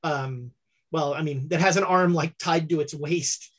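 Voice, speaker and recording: A game master narrating a tabletop horror game, halting and full of fillers. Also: medium pitch, fairly bright tone.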